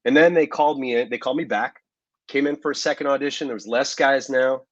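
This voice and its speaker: A man, an actor as interview guest, telling stories in a relaxed way with many fillers and asides. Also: medium pitch, quick pace, dry recording, dull audio. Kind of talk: casual interview storytelling.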